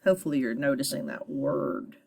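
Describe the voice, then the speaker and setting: A woman's voice: a bass voice, huge pitch swings, fairly quick, creaky, dark tone, a little hiss or hum. A woman teacher giving a phonics lesson to children, patiently sounding out syllables and encouraging her students.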